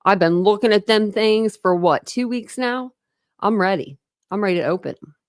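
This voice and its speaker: A woman hosting a livestream, chatting casually and greeting her viewers one by one, warm and grateful toward them. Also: mid-range voice, normal speed, no echo, clean studio sound. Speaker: livestream host. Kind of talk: casual live chat with viewers.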